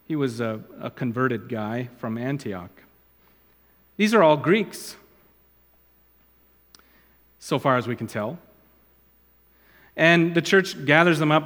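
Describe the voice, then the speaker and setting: Male pastor, conversational sermon with digressive asides, mid pitch, reverberant hall sound. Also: fairly bright tone.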